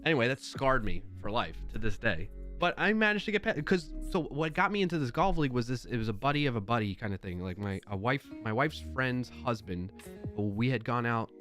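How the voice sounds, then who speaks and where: A man's voice: medium pitch, sing-song, fairly quick, a bit bright, faint music behind. A man in his thirties hosting a livestream, telling a casual, rambling story with lots of fillers and restarts into a desk mic. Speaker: livestream host.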